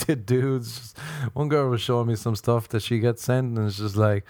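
A man's voice: steady tone, normal speed, a little mellow, no room sound. Man, solo comedy podcast host, crude and rambling, dry close sound. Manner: crude, rambling, self-mocking, with sudden high-pitched exclamations.

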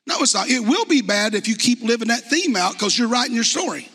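A pastor delivers a sermon in a church sanctuary, his high, sharp voice carrying a husky edge. He addresses the congregation conversationally yet with passion, expressive and a little fast, firing off rhetorical questions. Long reverb from the hall trails his words.

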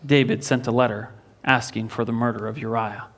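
A man's voice: medium pitch, fairly even intonation, fairly quick. A pastor preaching a sermon in a church, retelling a story earnestly and often repeating a word as he restarts a phrase.

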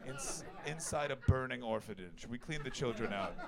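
A man putting on a boastful Texan barbecue cook who speaks slowly and proudly. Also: mid-range voice, a crowd in the background, lightly acted. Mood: proud drawl. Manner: slow, proud, deadpan storytelling.

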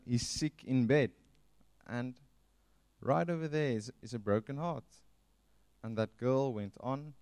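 A man, by birth, delivers an earnest pastoral sermon at an unhurried pace. His voice is smooth and resonant, and the recording is close and dry with no room sound. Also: mid-range voice, a little mellow, no room sound. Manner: earnest, pastoral, with emphatic slowed phrases. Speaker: preacher.

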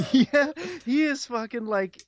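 A man co-hosting a podcast in casual chat, excitable and profane, often trailing off mid-sentence, on a dull lo-fi recording. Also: extremely high pitch, slow pace. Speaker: podcast co-host. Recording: dull lo-fi sound.

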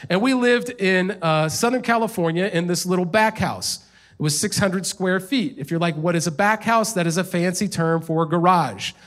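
Casting: high-pitched male pastor, thirties, lively storytelling sermon. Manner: storytelling, animated, rising in pitch when telling of frustration.

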